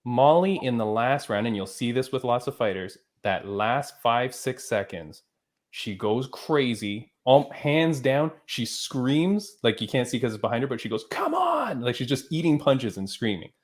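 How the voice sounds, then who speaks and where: A man's voice: medium pitch, normal speed. A man hosting a podcast, asking casual, friendly questions and checking in with "right?". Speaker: podcast host.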